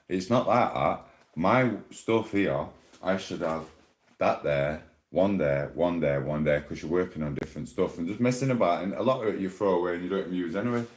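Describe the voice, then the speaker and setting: A man's voice: low-pitched, a little hiss or hum. A man on a casual live stream at home, rambling and complaining in an exasperated way, talking into a phone.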